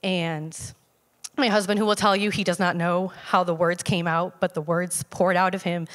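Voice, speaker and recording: A woman telling a personal testimony to a church congregation in a conversational, halting way, with frequent fillers and restarts. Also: lowish voice, flat delivery, a bit bright. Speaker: church member giving a testimony. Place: church sanctuary. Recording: long hall reverb.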